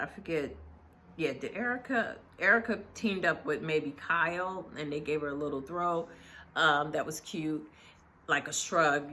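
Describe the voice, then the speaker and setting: A woman's voice: sits low, bright, forceful tone. A woman chatting casually as she recaps a reality TV episode, gossipy and full of fillers.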